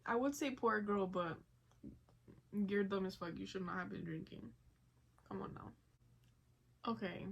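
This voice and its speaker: A woman vlogger reacting to online posts in loose, casual commentary. She talks in an animated, foul-mouthed way, full of laughing asides. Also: mid-range voice, unhurried, vocal fry, long pauses, a little hiss or hum, rough recording.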